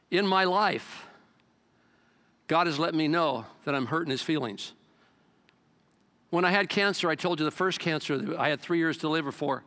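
A man preaching a sermon as pastor, talking to his congregation in an animated, conversational way. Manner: animated, conversational preaching with swings in pitch and loudness.

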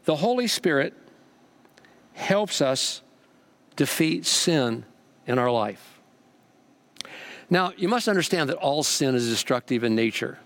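A male pastor preaching in a fairly high voice. He rolls through repeated phrases and builds them upward, then drops into relaxed storytelling. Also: slow pace, long pauses. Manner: animated, repetitive preaching cadence. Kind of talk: sermon.

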